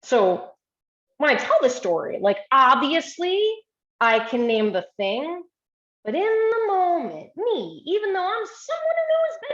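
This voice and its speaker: A woman's voice: high voice, big pitch swings, unhurried, echoey room, highs cut off. A woman physician giving a storytelling presentation, talking earnestly and with emotion over a video call.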